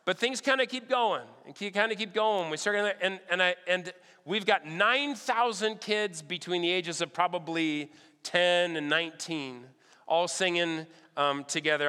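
In a large hall with long reverb, a preacher delivers lively storytelling at normal speed, acting out what others in the story say. He has a slightly high, bright, forceful voice with a smooth, resonant quality.

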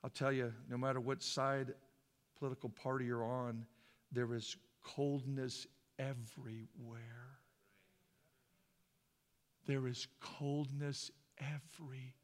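A man from Idaho preaching a sermon as a pastor, shifting between hushed, slow passages and loud, fervent ones. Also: mid-range voice, little pitch movement. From Boise, Idaho. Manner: impassioned, swings from hushed to loud. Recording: long hall reverb.

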